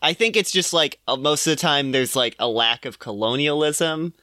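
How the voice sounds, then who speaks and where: A young man with a bright, forceful voice talks loosely as a podcast co-host, full of fillers and quick laughs. The sound is dry and close. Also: on the high side, dry recording. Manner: rambling, laughing, lots of fillers. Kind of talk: casual chat.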